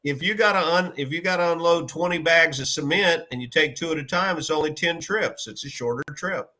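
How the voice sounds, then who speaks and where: A man's voice: on the high side, brisk, bright, forceful tone. A man telling an anecdote in casual chat, quoting the people he spoke with. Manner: recounts anecdotes with quoted dialogue. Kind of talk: casual storytelling.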